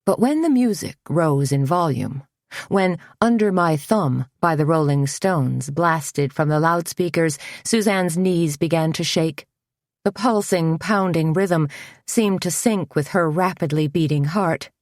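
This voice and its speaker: A woman narrating an audiobook in a measured, even storytelling manner. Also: low-pitched, dry recording, clean studio sound. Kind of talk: scripted narration.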